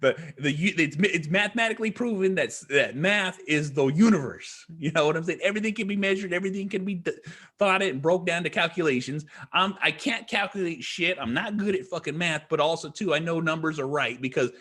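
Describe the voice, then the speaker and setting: A man with a husky, slightly raspy voice that sits a bit higher than most. He spins a rambling tale as a podcast guest, peppering it with curses and leaning hard on each point. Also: animated, brisk, a bit bright. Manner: profane, rambling, emphatic. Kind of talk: casual storytelling.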